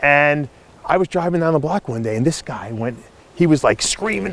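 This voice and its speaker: A man with a high, bouncing voice tells a story in loose, casual chat, swearing freely and laughing along. He is outdoors by a house, picked up by a camera mic. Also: expressive, normal speed, a bit bright. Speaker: podcast host.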